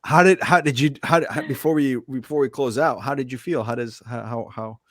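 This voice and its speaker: This is a man in his thirties hosting a casual podcast. He jokes and swears freely. His voice is mid-pitched and sits close on a dry mic. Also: fairly quick, no echo. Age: 30s. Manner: joking, profane, loose. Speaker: podcast host. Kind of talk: casual chat.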